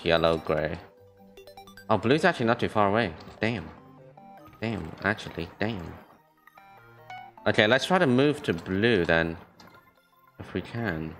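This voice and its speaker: A young man streaming a video game, commenting excitedly, trash-talking and repeating phrases. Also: on the low side.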